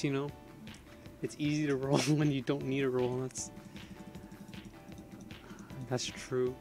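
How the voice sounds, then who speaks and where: A young man streaming a game, excitable and panicky, laughing often as he chats. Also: mid-range voice, measured pace, pauses often, music in the background. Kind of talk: gaming livestream chat.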